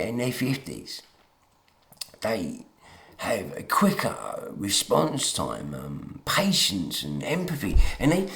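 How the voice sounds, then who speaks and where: A man's voice: on the high side, roomy sound. A tired man ranting emotionally in a late-night monologue, often calling the listener "mate". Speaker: online talker.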